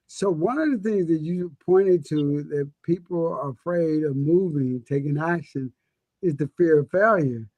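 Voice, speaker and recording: A man coaching and telling stories in a casual webinar conversation, open about his emotions and expressive as he talks. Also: on the high side, measured pace, no echo, highs cut off. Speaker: guest speaker and coach.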